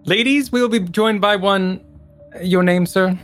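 A man's voice: high voice, a little slow, a bit bright, faint music behind, pitched above the performer's own voice. A man voicing a stern, hawkish woman who heads a finishing school, speaking in a cool, formal, clipped way.

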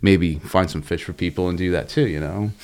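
Man, fishing guide, low-ish voice, loose and profane, rambles through stories. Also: fairly quick, a little mellow, clean tone. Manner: laid-back, profane, rambling storytelling. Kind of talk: casual podcast chat.

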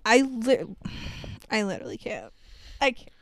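A woman's voice: on the high side, sing-song, moderate pace, vocal fry, no room sound. A young woman co-hosting a podcast and recapping a film in casual chat, emotional and gushing, swearing freely. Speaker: podcast co-host.

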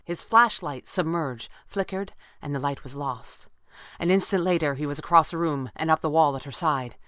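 A woman narrating an adventure story in a steady, measured audiobook style. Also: low voice, no room sound, clean studio sound.

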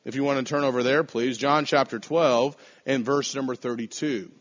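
A man preaching a sermon to a congregation in measured, emphatic phrases, slowing down to stress key words. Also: mid-range voice, steady tone. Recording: dull lo-fi sound.

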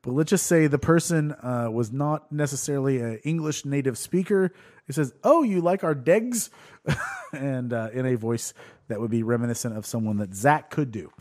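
Guy rambling thru a show recap, laughing, mid pitch. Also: a little fast, a little mellow. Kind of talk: casual recap chat.

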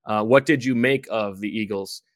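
Laid back guy hosting a sports pod, low-ish voice, dry sound. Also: moderate pace, dry recording. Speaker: podcast host. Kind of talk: casual sports podcast chat.

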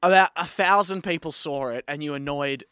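Young man, podcast co-host, angry sweary rant, voice sits a bit high, dry close sound. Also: moderate pace, sharp tone, clear, resonant tone, no room sound. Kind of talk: ranting podcast chat.

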